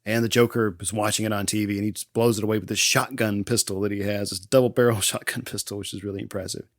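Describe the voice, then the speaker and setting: A man's voice: on the low side, fairly even intonation, fast, dry recording. Man, podcast host, casual film recap, laughs a lot, dry close sound. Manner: laughs often, acts out quotes in passing. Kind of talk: casual movie recap chat.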